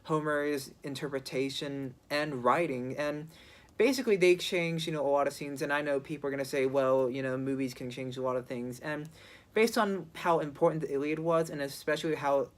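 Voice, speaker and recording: An amateur film reviewer speaking off the cuff at an ordinary mid pitch. The delivery is hesitant, full of restarts and "you know" fillers as each thought is worked out aloud. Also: fairly even intonation, brisk. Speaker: movie reviewer. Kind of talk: casual spoken movie review.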